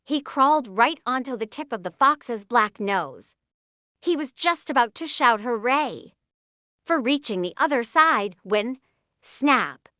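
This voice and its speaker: A woman narrating a children's storybook in an expressive, animated way. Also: a little high, unhurried, no room sound, studio quality.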